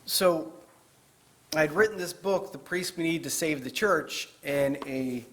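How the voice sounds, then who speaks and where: A man's voice: a little high, unhurried, fairly bright tone, a little hiss or hum. A man giving a chatty, joking talk as a guest author to a live audience in a parish hall. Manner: chatty, joking, with fillers and restarts.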